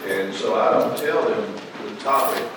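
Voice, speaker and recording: Heard from far off in a large church sanctuary, a pastor preaches in a lowish, slightly slow voice, with echo and room noise around him. He's folksy and emphatic, breaking into bursts of rising emphasis.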